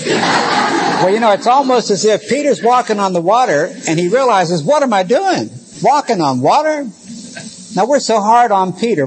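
A man teaching as a pastor, reading scripture and retelling it in a lively storytelling way. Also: high-pitched, husky, low-quality recording. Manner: storytelling, animated, with quoted voices. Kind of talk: Bible teaching.

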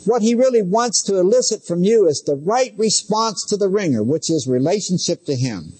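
A man's voice: high voice, expressive, moderate pace, warm tone, husky. A middle-aged man preaching a sermon as pastor, talking conversationally with asides and direct questions to his listeners.

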